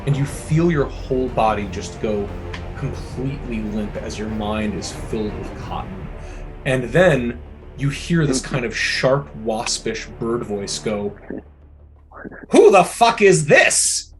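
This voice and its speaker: A man serves as game master, narrating combat in a loose, chatty way full of fillers. His voice sits at an ordinary middle pitch. Music plays clearly behind him. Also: unhurried. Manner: casual, descriptive, many fillers.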